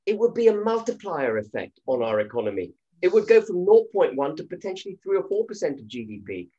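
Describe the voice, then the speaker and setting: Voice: medium pitch, big pitch swings, fairly quick, dark tone, husky. A speaker from Britain making fluent, argumentative points as a guest on a political talk show. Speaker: panel guest. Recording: dull, lo-fi audio.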